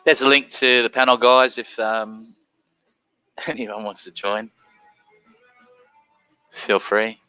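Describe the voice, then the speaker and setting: A middle-aged Australian man chatting casually as host of a live stream, laid-back and quick to greet viewers. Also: medium pitch, fairly even intonation, pushed and bright, clean tone, highs cut off, soft background music.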